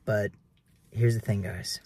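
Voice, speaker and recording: A man's voice: on the low side, steady tone, takes it slowly, warm tone, breathy edge, dry recording. A man in his twenties preaching earnestly to camera in casual talk, keeps calling viewers guys. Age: 20s. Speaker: realtor vlogger.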